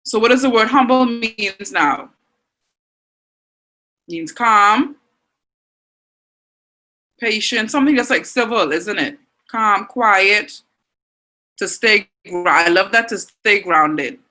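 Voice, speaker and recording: A woman's voice: mid-range voice, slow, pauses often, bright, forceful tone, low-quality recording. Encouraging Bahamian woman teaching online. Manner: encouraging, reads out student answers. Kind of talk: online class lesson.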